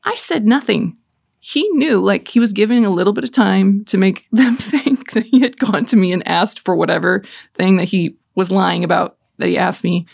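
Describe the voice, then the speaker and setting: A woman's voice: mid-range voice, normal speed, vocal fry, darkish tone, no room sound, clean studio sound. A woman in her forties hosting a Catholic prayer talk, telling family stories in a chatty, laughing way before leading prayer. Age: 40s. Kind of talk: casual faith talk with storytelling and prayer.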